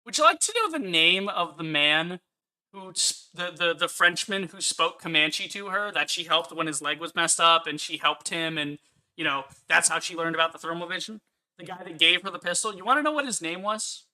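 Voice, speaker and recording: A man's voice: on the high side, moderate pace, pushed and bright. A man ranting angrily on a live stream as he reviews a film, swearing often and repeating his points for emphasis. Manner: angry, profane ranting.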